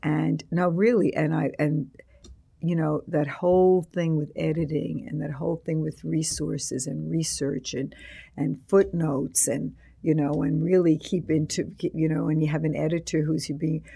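A man's voice: on the high side, flat delivery, normal speed, creaky, mellow, husky. An older man, an author and teacher being interviewed, rambling through anecdotes with many restarts and acted-out quotes.

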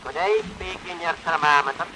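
A man's voice: fairly high pitch, fairly quick, noisy background, lightly acted. A man playing a timid, bumbling man who stammers and defers to his betters on an early comedy record. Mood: hesitant. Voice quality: hesitant, stammering, deferential speech. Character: bumbling old-time Irish man, timid with his betters, baffled by the telephone.

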